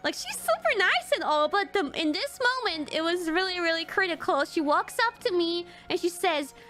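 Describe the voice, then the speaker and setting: A woman's voice: very high voice, expressive, moderate pace, bright, forceful tone. A woman streamer casually telling a personal story, rambling with lots of fillers, swearing and nervous little laughs.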